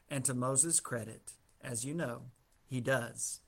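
A man's voice: mid-range voice, takes it slowly, vocal fry, a bit bright. A man teaching a Bible study, retelling the story casually with humorous asides.

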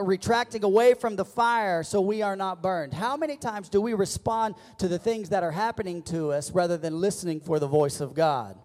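High-voiced male pastor preaching in reverb. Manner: preaching with call-and-response, rising to loud emphatic peaks. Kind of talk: sermon. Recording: long church reverb.

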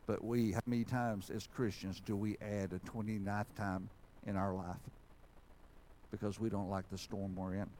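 A man, preaching a sermon in a church sanctuary and telling a story in a folksy, animated way. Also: on the low side, moderate pace, slight background noise, poor audio. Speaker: pastor.

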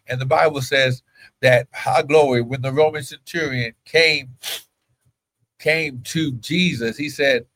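Male pastor, fervent preaching with bursts of shouted praise, mid-pitched voice. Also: a little slow, rough recording. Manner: preaching with sudden loud cries and speaking in tongues. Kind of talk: livestream sermon with prayer.

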